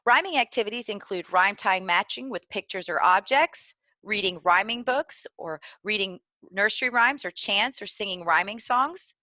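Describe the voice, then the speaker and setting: A woman giving clear, deliberately enunciated instructional narration for preschool teachers. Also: mid-range voice, animated, bright, forceful tone, no room sound. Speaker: early literacy trainer.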